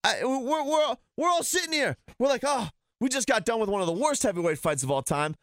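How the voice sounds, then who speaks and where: A man's voice: extremely high pitch, big pitch swings, a little fast, no room sound, clean studio sound. A man ranting heatedly and sarcastically as a sports talk host.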